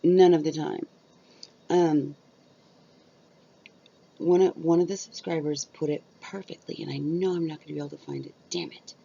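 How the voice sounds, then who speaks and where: Gravelly-voiced woman rambling to camera. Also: low-pitched, fairly even intonation, normal speed, pauses often, dark tone. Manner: rambling, chatty, frequent fillers. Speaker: YouTuber. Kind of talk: casual chat to camera. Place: at home on her bed. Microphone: cheap built-in camera mic. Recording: dull lo-fi sound.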